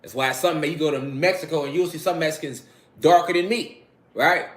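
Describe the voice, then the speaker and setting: A man's voice: on the high side, normal speed. A man giving a casual, emphatic spiritual lecture, repeating key phrases and checking in with his listeners. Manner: loose, conversational, with frequent swearing. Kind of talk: casual documentary monologue.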